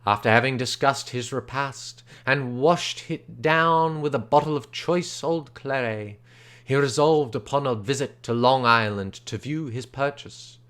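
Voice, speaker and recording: A man reading an old short story aloud unrehearsed, with steady narration and occasional stumbles. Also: mid-range voice, unhurried, clean tone. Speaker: reader.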